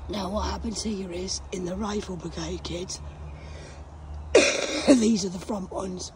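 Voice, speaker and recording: Hoarse woman ranting to camera. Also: medium pitch, unhurried, background noise. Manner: profane, agitated and loud, veering off topic. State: hoarse, coughing. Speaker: vlogger. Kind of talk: rambling monologue to camera.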